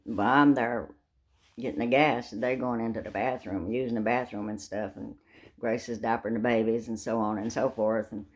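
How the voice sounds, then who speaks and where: A woman's voice: extremely low pitch, darkish tone. An older woman telling a funny family story in a folksy way, with sound effects. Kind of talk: casual storytelling.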